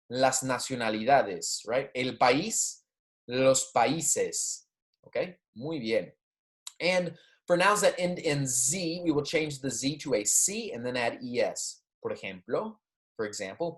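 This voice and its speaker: Man patiently lecturing on Spanish grammar. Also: medium pitch. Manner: explains patiently, checks in with "okay?" and "right?"; pronounces Spanish words slowly and clearly. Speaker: Spanish teacher. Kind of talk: recorded classroom lecture.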